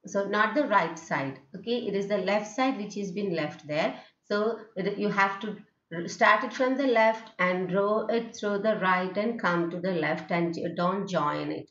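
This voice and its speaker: A woman's voice: mid-range voice, reverberant, lo-fi sound. A woman with an Indian English accent giving a phonetics lecture, stretching out vowel sounds and checking in with "okay?" as she goes. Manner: slow, drawn-out modelling of vowel sounds with frequent "okay?". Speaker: teacher.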